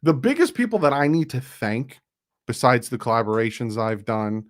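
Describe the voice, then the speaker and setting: A man's voice: medium pitch, big pitch swings, normal speed. A man hosting a casual live stream, chatting loosely, reading out donations and plugging sponsors. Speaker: YouTube streamer and channel host.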